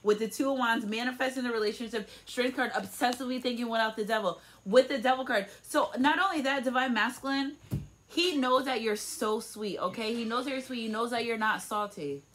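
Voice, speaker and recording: A woman's voice: on the high side, brisk, fairly bright tone. A woman giving a casual tarot reading at home, emphatic and blunt, swearing freely and tossing in "okay?" as she goes. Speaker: tarot reader. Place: room at home.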